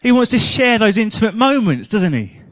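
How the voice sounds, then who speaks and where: A man's voice: high voice, big pitch swings, normal speed, a bit bright, no echo, clean studio sound. A man preaching a sermon in a chatty, humorous storytelling manner.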